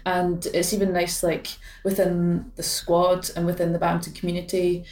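A Scottish woman in her late twenties talks low and unhurried, picking her words with plenty of small stops and restarts. Her voice sits a little down in pitch. It comes from some way off the mic in a room that rings around her. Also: completely flat delivery, a little mellow. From Scotland. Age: late 20s. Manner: thoughtful, hesitant, many fillers and restarts. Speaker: badminton player, guest. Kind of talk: casual interview chat. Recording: roomy sound from a distant mic.

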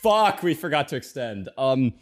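A young man on a podcast, telling a story in a relaxed, profane way and acting out other people's lines. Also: mid-range voice, normal speed, faint music behind. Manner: laid-back, profane, quoting others. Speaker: podcast co-host. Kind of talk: casual storytelling chat.

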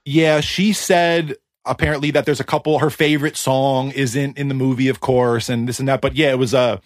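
A man telling an animated story in casual podcast chat, swearing casually and speeding up in bursts. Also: mid-range voice, moderate pace, dry recording, clean studio sound.

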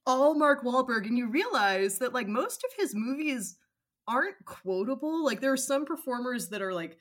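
Chatty, sarcastic podcast guest from Massachusetts. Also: female voice, fairly high pitch, big pitch swings, normal speed, a bit bright. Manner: chatty, sarcastic, lots of fillers. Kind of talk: casual podcast chat.

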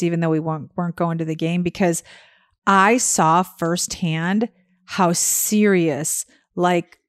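Woman podcasting, excited filler-heavy chat, dry sound. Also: lowish voice, dry recording. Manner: chatty, gushing, lots of fillers. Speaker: podcast co-host. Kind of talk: casual travel chat.

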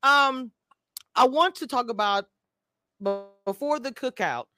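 A woman's voice: sits high, measured pace, pushed and bright, soft background music. A woman hosting a live online interview, gushing and playful with lots of slang. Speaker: host of a reality TV review channel. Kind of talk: excited live-stream interview.

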